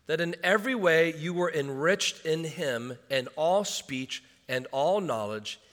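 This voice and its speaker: A male pastor preaching a sermon, swinging from hushed asides to shouted urgency. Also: fairly high pitch. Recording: long hall reverb.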